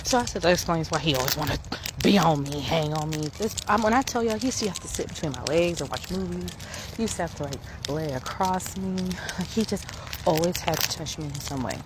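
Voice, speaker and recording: A woman's voice: low voice, brisk. A woman in her thirties talking frankly and emphatically to camera while out on a morning walk, swearing freely. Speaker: vlogger. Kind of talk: casual rant to camera. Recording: noisy outdoor phone recording.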